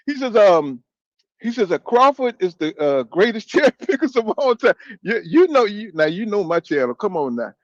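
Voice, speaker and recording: A man's voice: sits high, sing-song, moderate pace, dry recording, lo-fi sound. A man in his fifties hosting a boxing channel, chatting loosely and profanely while reading out viewer comments. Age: 50s. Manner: loose, profane, talks back to chat. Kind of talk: casual live-stream chat reading comments.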